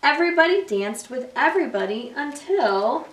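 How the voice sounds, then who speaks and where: High-voiced woman reading picture books. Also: expressive, unhurried, a bit bright. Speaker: library story time reader. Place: public library. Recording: echoey room, mic far off.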